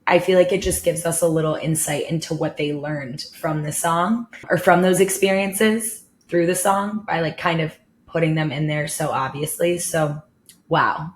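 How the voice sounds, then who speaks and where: A woman's voice: deep voice, fairly even intonation, normal speed, slight background noise. A woman therapist reacting to a song in a casual video, talking in an emotional, gushing way and saying "like" a lot. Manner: emotional, gushing, heavy use of "like". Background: faint song playing.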